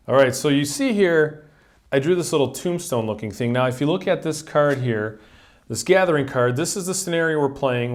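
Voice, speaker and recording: Guy walking through a card game solo, kinda high voice, casual and talky. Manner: chatty, explains rules step by step. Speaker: solo board game player and host. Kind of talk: casual tabletop game tutorial.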